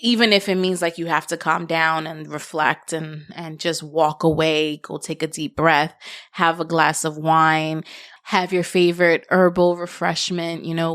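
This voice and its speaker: A young adult woman hosting a solo podcast, giving earnest parenting advice in casual talk that gets animated when she tells stories. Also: fairly low pitch, no echo, studio quality. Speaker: podcast host.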